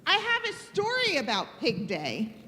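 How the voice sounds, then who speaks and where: A woman leading a children's time in a church service, telling a story in an animated, cheerful way. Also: high voice, normal speed. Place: church sanctuary. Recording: long church reverb, faint noise.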